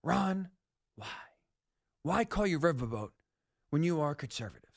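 A man hosting sports talk radio, ranting in an animated, sarcastic monologue about football decisions. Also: fairly high pitch, unhurried, vocal fry.

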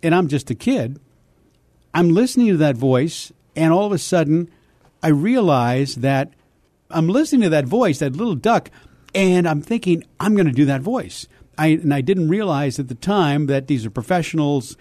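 Animated older male voice actor. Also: on the high side, moderate pace, no room sound. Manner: animated, slips into character voices. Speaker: voice actor guest. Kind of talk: storytelling interview.

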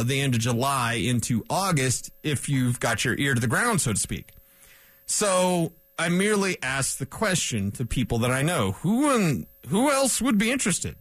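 Chatty sports host, dry close sound. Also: male voice, a little high, dry recording. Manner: chatty, animated, uses quoted asides. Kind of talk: casual sports talk monologue.

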